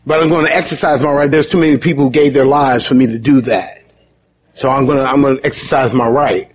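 A man preaching a sermon in an animated, conversational way, with sudden high emphatic bursts and quick chuckles. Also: a little hiss or hum. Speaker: pastor.

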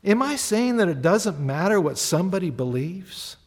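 Man preaching a lively sermon in a reverberant hall. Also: high voice, normal speed. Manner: animated, conversational preaching with acted-out dialogue. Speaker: pastor.

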